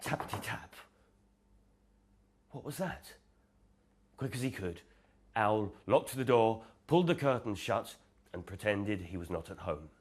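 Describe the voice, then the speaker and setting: Expressive man reading a bedtime story. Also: fairly low pitch, a little slow, a little hiss or hum. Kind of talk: bedtime story narration for children.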